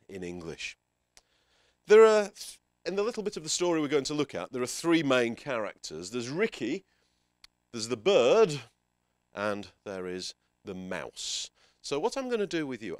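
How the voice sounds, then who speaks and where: A man runs a teacher workshop in front of a live audience, and his voice swings up and down with lively energy. He hands out instructions and tosses in playful asides, close and dry on the mic. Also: medium pitch, no echo. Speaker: teacher trainer presenting a workshop. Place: conference room with a live audience.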